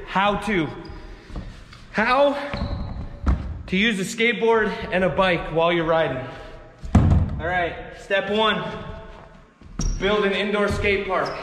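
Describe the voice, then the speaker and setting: High-voiced guy cussing his way through a skate how-to, roomy echo, bit of noise. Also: sharp tone. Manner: frustrated, swears often, groans in pain. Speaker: skateboarding vlogger. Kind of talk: casual tutorial vlog. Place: indoor skate park. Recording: echoey hall with long reverb, faint noise.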